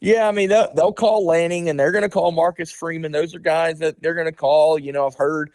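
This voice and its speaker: A man speaking as a guest insider on a radio sports talk interview, candid and blunt, often filling pauses with "you know" and "um". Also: on the high side, fairly even intonation, a little mellow, no room sound.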